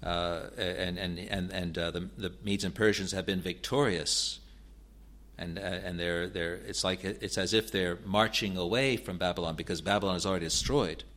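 A man with a fairly low voice teaches verse by verse through scripture. He speaks haltingly, circling back over words before finishing a thought. When he reads the passages aloud, his delivery lifts and gains weight. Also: steady tone, a bit bright. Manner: halting, with frequent restarts and repeated words. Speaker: Bible teacher.

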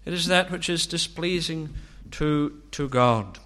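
Slow, bright-voiced male preacher. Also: a little high. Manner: slow, searching, rhetorical questions. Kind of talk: sermon.

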